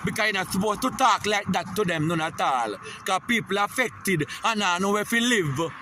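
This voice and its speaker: A man's voice: high voice, animated, normal speed, bright, forceful tone, soft background music. A man with a Jamaican accent giving a heated, profane political rant, repeating "you hear?" often.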